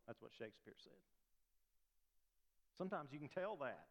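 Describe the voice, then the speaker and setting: Pastor preaching in a reverberant hall. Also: male voice, mid-range voice, a little fast, long pauses, a bit bright, clean tone, muffled recording. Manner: conversational preaching, frequent rhetorical questions. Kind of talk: sermon. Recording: long reverb of a large hall.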